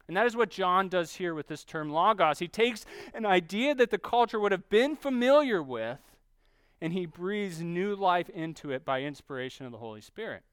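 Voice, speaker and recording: A man preaching a sermon, teaching steadily and slowing down to stress key phrases. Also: high voice, animated, clean tone, dry recording. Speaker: pastor.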